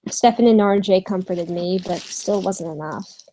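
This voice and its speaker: A young woman telling a storytime vlog from her bedroom, hesitant with many pauses and fillers, swearing casually. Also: medium pitch, mellow, rough recording. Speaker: vlogger.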